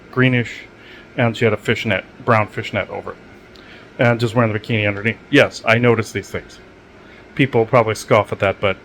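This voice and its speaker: A man's voice: mid-range voice, a little hiss or hum, low-quality recording. Man rambling through a solo monologue. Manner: meandering, many restarts and asides. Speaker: podcast host. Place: at home.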